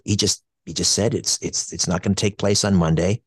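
A middle-aged man from Canada with a deep, low voice recounts a personal memory at length. He hesitates, restarts and fills pauses as he thinks back. The sound is dry and close, with no room echo. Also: breathy edge. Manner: hesitant and reflective, many fillers and restarts. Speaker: radio show co-host. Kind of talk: personal storytelling.

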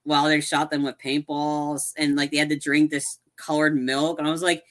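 Man, podcast co-host, bright tone, rambling animated retelling, casual chat. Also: on the high side, moderate pace. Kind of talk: casual chat recapping a movie.

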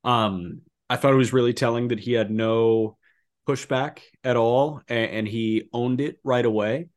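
A man co-hosting a casual sports podcast in a mid-range voice. He jumps from easy chatter to loud disbelief and leans on fillers as he goes. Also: medium pitch, unhurried. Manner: animated, incredulous outbursts, many fillers. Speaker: podcast co-host. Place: apartment.

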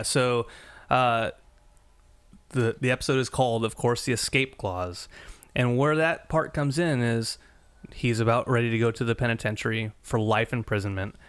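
A man's voice: medium pitch, a bit bright, clear, resonant tone, no echo. A man co-hosting a podcast, recapping a TV episode in casual chat with lots of fillers, restarts and laughter. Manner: halting, many fillers, laughs often. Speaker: podcast co-host.

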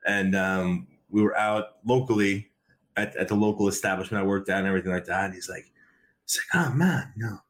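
A man's voice: sits low, little pitch movement, brisk, fairly bright tone. A man talking casually as a podcast guest, rambling with many repeated fillers and restarts. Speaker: podcast guest, wrestling commentator. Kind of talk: casual conversation.

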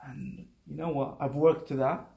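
A young man, a native Arabic speaker, telling his story in a relaxed, casual conversation and acting out the people he quotes. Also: fairly high pitch, moderate pace, gravelly, roomy sound, highs cut off, faint music behind. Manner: relaxed, uses "like" and "bro", acts out quotes. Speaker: guest.

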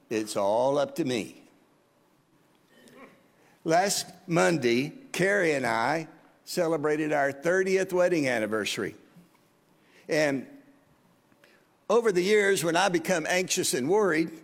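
Man in his 50s preaching, high voice, long church echo, earnest and chatty. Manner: earnest, conversational, asks the congregation questions. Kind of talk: sermon. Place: church sanctuary.

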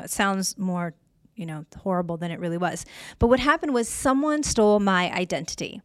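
A woman in her fifties hosting a podcast. She tells a story in an animated, sarcastic way and laughs often. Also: mid-range voice, dry recording, clean studio sound. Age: 50s. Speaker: podcast host. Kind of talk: storytelling monologue.

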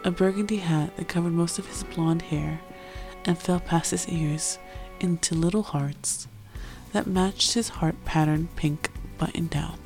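Over faint background music, a woman with a fairly low pitch chats casually at a measured pace, full of fillers, before settling into steady narration. She's a fan fiction reader reading a romance story aloud.

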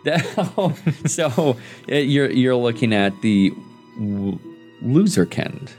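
A man hosting a podcast in casual chat, playful and quick to laugh. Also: mid-range voice, lively intonation, darkish tone, soft background music. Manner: playful, laughs often, trails off mid-thought. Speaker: podcast host.

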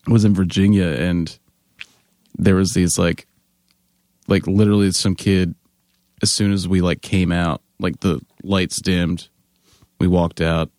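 A man in a band telling animated, laughing tour anecdotes in casual chat, mimicking other people's voices. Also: low-pitched, slow pace, pauses often, no room sound, studio quality. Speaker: band member guest.

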